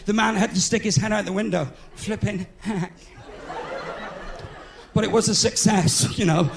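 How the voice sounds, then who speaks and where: A man's voice: sits high, gravelly, noisy background. A man with a West Country English accent doing live stand-up comedy in a large theatre, chatty and self-mocking as he banters with the crowd. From England.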